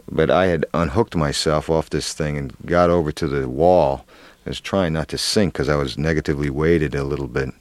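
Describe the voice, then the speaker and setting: A middle-aged man with a very low voice recounts a story in an earnest, halting way. He restarts often and leans on fillers. The sound is dry and close. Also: no echo. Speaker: actor guest. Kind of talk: candid interview storytelling.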